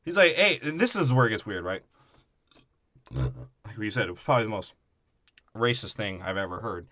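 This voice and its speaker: A man's voice: on the low side, expressive, fairly quick, pushed and bright, no echo. A man co-hosting a comedy movie podcast, riffing crudely and slipping into character voices. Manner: riffs with put-on character voices. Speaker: podcast co-host.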